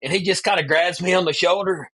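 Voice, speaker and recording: Animated man telling a story. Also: high-pitched, quick pace, breathy edge. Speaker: guest. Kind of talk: casual storytelling interview.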